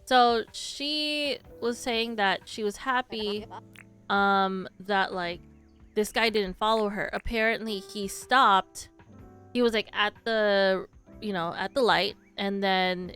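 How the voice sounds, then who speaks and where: Rambling young woman streamer, smooth voice. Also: medium pitch, fairly bright tone. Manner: rambling storyteller, many fillers and restarts. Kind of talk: casual chat to stream viewers while gaming.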